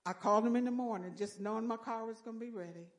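An older woman giving a folksy church testimony with lively storytelling and exclamations of praise. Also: fairly high pitch, quick pace.

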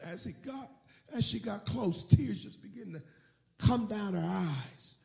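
Animated high-voiced preacher man, echoey hall. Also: a little slow, gravelly. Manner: animated, acts out the scene in storytelling. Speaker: pastor. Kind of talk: sermon.

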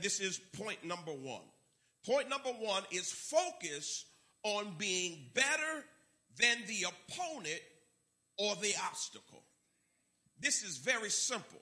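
A man's voice: sits high, bright, forceful tone. A man preaching a sermon, emphatic and repeating key words for effect. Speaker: pastor.

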